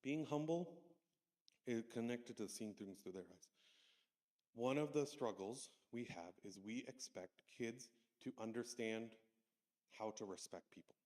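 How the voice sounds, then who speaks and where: A man talks through a teacher-training workshop in a loose, conversational way, dropping into short stories and mimicking his students. His voice sits at an ordinary middle pitch. The sound carries a long church-hall reverb around it. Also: a little slow, darkish tone. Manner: conversational, anecdotal, acts out kids' voices. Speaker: Sunday school teacher trainer.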